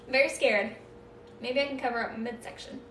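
A woman's voice: fairly high pitch, fairly bright tone, recorded from a distance, a little hiss or hum. A woman hosting a casual live stream, chatting with viewers and thanking them, with playful nervous laughs. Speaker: livestream host. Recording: echoey room, voice off-mic.

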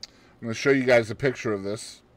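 A man's voice: medium pitch, a little fast, no echo. A man co-hosting a podcast, reading out a news story in casual chat and adding joking asides with frequent laughter. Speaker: podcast co-host.

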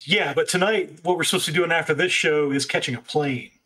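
Casual male tabletop player, higher voice. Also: fast talker, a bit bright. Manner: casual, thinking aloud. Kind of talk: tabletop game play. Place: live convention stage.

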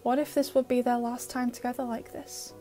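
A woman narrating an audio fan-fiction story with steady, emotive storytelling. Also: a little high, brisk, faint music behind.

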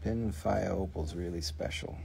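With slight background noise behind him, a man selling minerals on a live stream chats and jokes while presenting and pricing stones. His voice is low, creaky and warm, and he speaks at normal speed.

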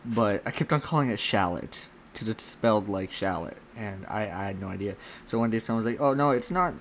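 A man's voice: lowish voice, fast talker, vocal fry, slight background noise. A man hosting a casual interview, chatty and full of fillers, often laughing. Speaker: interview host.

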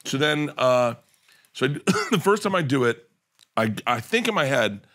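A man's voice: mid-range voice, moderate pace. Man telling rambling comedy stories. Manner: animated, rambling anecdotes with restarts and laughs. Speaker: comedian guest on a podcast. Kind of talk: casual storytelling chat.

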